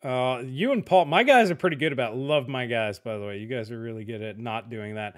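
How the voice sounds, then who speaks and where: A middle-aged man hosting a casual tech podcast, laid-back and often trailing off quietly at the ends of sentences. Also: mid-range voice, fairly quick. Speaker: podcast host.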